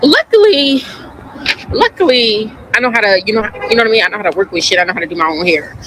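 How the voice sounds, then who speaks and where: A woman's voice: mid-range voice, lively intonation, fast, fairly bright tone, slight background noise, rough recording. Exasperated swearing woman vlogging outdoors. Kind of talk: casual ranting vlog. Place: outside, near cars.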